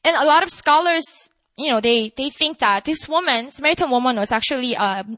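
High, lively woman preaching. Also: brisk, no room sound. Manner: animated, emphatic, asks the audience rhetorical questions. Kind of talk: sermon. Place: room with an audience.

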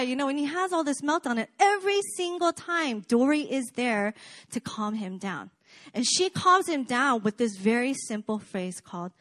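A woman with a fairly high voice preaches a sermon. She talks in a casual, chatty way, full of fillers and quick asides to the congregation. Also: animated, fairly bright tone.

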